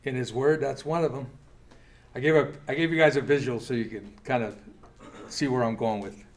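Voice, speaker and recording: A man's voice: medium pitch, fairly even intonation. Earnest man teaching a church class. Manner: earnest, reads scripture aloud, quick asides. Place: church meeting room.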